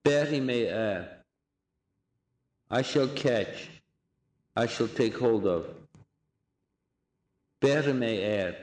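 Slow, deliberate male language teacher. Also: medium pitch, a little mellow, echoey room. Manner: slow, deliberate drilling of phrases with repetition. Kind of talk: recorded language lesson.

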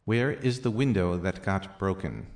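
In a language lesson, a man carefully and slowly reads example sentences and translates them, now and then adding quiet, low-voiced remarks.

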